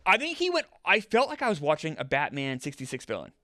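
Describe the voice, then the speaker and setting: A man with a bright, forceful voice rattling off quick, emphatic opinions in a casual movie chat. He sits a little high in pitch and swings widely, and the sound is dry. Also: huge pitch swings, no echo. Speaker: podcast guest.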